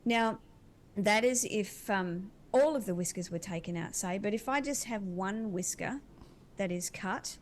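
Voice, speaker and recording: A woman's voice: mid-range voice, a little slow. A woman acting as an animal communicator, describing intuitive visions in an earnest, dreamy, winding way.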